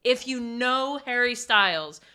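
A young woman co-hosting a casual chat, talking fast and emphatically like a devoted fan. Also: fairly high pitch, expressive, pushed and bright, smooth. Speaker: podcast co-host.

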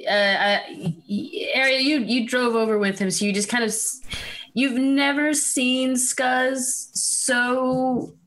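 A woman playing a tabletop game, describing her character's actions in a halting way with many fillers. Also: sits high, fairly even intonation, a bit bright, poor audio. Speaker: player.

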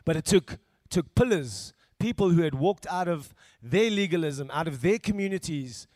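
A man telling his church testimony at a quick clip, his voice a touch high. The sound is dry and close, with little room around it. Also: expressive, no room sound. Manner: fast, heartfelt testimony rising to a loud cheer. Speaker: pastor introducing a guest.

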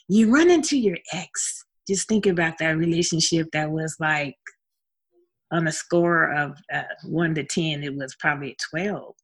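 A woman singer chatting casually as an interview guest, expressive and talkative. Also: fairly low pitch, husky. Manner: expressive and chatty, with frequent laughs.

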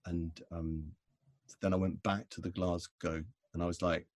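A middle-aged man telling an anecdote in conversation, animated, with restarts and laughs. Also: low-pitched, brisk, no room sound. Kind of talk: conversational storytelling.

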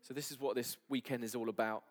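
A man preaching a sermon at a church service, earnest and sometimes dropping to soft near-whispers. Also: medium pitch, steady tone, fast, faint music behind. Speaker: pastor.

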